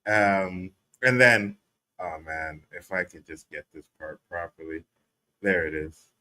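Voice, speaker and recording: Male co-host, bright tone, lively casual recap, slips into quoted lines. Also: low-pitched, a little slow, a little hiss or hum. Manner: animated, laughing, acts out character quotes. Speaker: podcast co-host.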